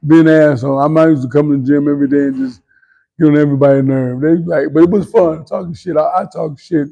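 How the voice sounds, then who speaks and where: Ex-boxer guest, man, middle-aged, gravelly and dark, boastful, swears, looks back with regret. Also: a little high, steady tone, quick pace, dull audio. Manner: candid, boastful then regretful, swears freely. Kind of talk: storytelling interview.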